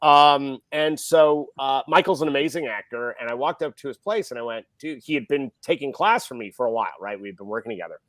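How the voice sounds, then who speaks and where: Brisk and with few pauses, a mid-range male voice tells a casual story without any echo. The speaker, a middle-aged film director on a podcast, animatedly plays out the people he quotes.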